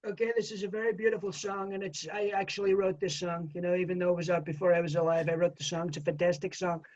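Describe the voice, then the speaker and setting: A bragging, self-satisfied older tycoon, as a man puts him on. He speaks in a soft, hushed voice pitched a little above the speaker's own. The sound is dull and lo-fi. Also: level tone, fast, close to an everyday voice. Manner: boastful, self-praising.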